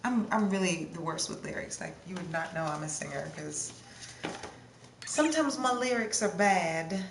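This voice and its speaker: Here the same kind of livestream host, a young woman, has a lowish, animated voice with vocal fry at a normal speed. Chatty and scattered, she reads viewer comments and responds to song requests with bits of singing. Faint ambient noise fills a roomy space.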